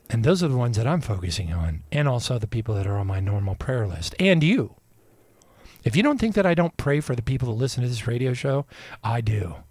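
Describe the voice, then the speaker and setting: A man's voice: medium pitch, no echo. A man hosting a radio show, delivering a rambling, emphatic, preaching monologue full of repetition.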